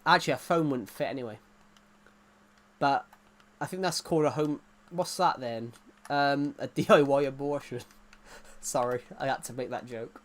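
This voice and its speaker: A man's voice: medium pitch, normal speed, a little hiss or hum. Rambling, joking male streamer. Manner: rambling, joking, chatting to viewers. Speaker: live streamer. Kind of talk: casual gaming live-stream chat.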